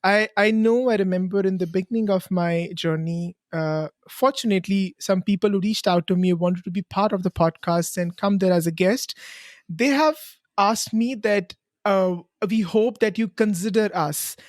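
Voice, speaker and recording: A woman's voice: medium pitch, moderate pace, darkish tone, no echo, studio quality. A woman with an Indian accent, a podcast host talking earnestly and encouragingly about her show in a casual interview. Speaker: podcast host answering as guest.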